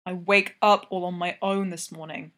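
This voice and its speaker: A woman's voice: on the low side, fairly even intonation, moderate pace, fairly bright tone, close to an everyday voice. A woman reading aloud, voicing a sleepy, teasing male hockey player who speaks in clipped, broken English. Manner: clipped broken English, drops small words.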